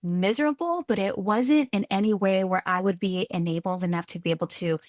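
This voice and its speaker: A woman from California, a guest on a podcast interview, telling her story earnestly and with lively restarts. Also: medium pitch, a little fast, no room sound, studio quality. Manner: earnest, lively retelling with restarts and quoted voices. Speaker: guest, tech executive.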